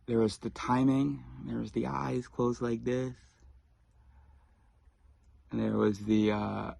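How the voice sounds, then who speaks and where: A man vlogging, telling a story in a rambling, casual way with quick asides and restarts. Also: medium pitch, flat delivery, vocal fry, a little mellow.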